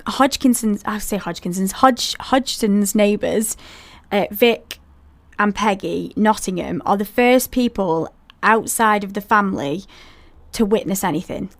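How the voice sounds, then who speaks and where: A woman's voice: mid-range voice, normal speed. A woman hosting a podcast, telling a paranormal story in a chatty way and talking straight to her listeners with asides. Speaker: podcast host.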